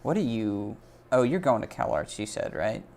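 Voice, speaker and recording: A man hosting a casual livestreamed portfolio review, excitable and jokey, gushing over the artwork. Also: on the low side, normal speed, slight background noise. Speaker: host of a portfolio review stream.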